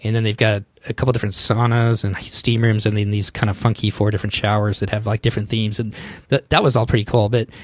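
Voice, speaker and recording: A man hosting a podcast, chatting casually and quickly with lots of "like" fillers. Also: medium pitch, dry recording, studio quality. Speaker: podcast host. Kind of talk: casual chat.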